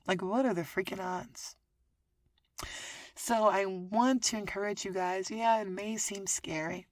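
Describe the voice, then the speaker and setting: A woman hosting a podcast, telling a story in casual chat, swearing and laughing often, swinging between loud and soft. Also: mid-range voice, no echo. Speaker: podcast host.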